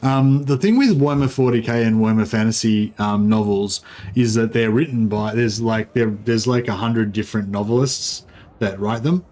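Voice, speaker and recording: A man's voice: on the low side, moderate pace, darkish tone. A man casually commentating a livestream of a strategy game, rambling with many fillers and restarts. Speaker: streamer.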